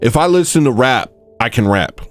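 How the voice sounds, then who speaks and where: A man's voice: medium pitch, expressive, moderate pace, soft background music. A man hosting a podcast, telling a rambling story with digressions and laughing asides, often checking in with "you know what I mean.". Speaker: podcast host. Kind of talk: casual rambling monologue.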